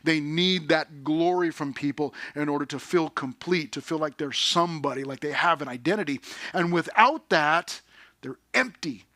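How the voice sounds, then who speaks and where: A man preaching a sermon in a conversational, energetic way, often dropping to a hushed tone for emphasis. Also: a little high, normal speed, no echo, clean studio sound. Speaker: pastor.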